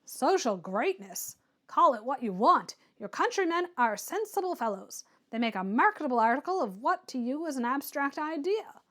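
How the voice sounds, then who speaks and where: Lady reading as a sneery blunt english guy, loud and mocking, kinda high. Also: big pitch swings, normal speed, heavily acted.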